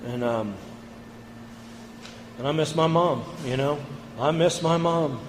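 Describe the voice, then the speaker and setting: A man giving an earnest personal recovery share at a meeting, halting and repeating words as he goes. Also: on the high side, slight background noise. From United States. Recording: echoey hall, long reverb.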